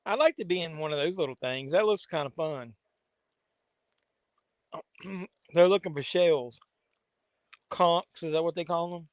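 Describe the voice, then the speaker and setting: A man's voice: on the high side, unhurried, pauses often, dry recording. A man hosting a casual live watch-along, making wry, joking asides as the film plays. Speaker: host.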